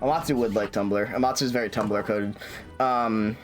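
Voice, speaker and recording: A man's voice: lowish voice, steady tone, normal speed, soft background music. A man streaming a game, chatting casually and rambling with lots of fillers, restarts and swearing.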